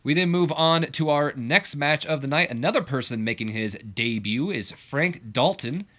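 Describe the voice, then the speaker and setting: Bright-sounding guy doing casual rambly let's play commentary. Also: on the high side, animated, moderate pace. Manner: casual rambling narration with fillers. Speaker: gaming channel host.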